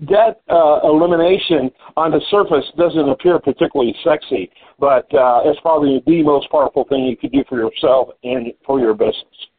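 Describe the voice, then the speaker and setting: Man, podcast host, husky voice, fairly high pitch, tinny phone-line sound, relaxed chatty delivery. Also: a little fast, few pauses. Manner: conversational, thinks aloud with fillers and repeats. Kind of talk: casual business interview. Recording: phone-like call audio.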